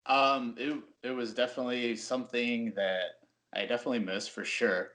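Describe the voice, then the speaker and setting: A man who is a professional wrestler, giving relaxed, rambling interview answers full of "like" and "um". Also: medium pitch, moderate pace.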